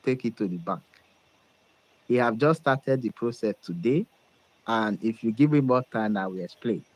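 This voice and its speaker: A man's voice: mid-range voice, expressive, moderate pace, low-quality recording. A man with a Nigerian accent giving emphatic, confident political commentary.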